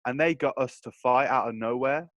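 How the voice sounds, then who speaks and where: A young man, telling stories in a slangy, animated way during a casual podcast chat. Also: medium pitch, normal speed. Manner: animated storyteller, slangy, laughs through his telling. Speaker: podcast co-host.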